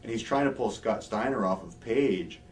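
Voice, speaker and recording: Low-voiced man telling wry wrestling stories. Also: animated, normal speed. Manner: wry anecdotal storyteller, acts out quotes. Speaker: interviewed former pro wrestler. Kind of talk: shoot interview storytelling. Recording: distant mic, faint ambient hiss.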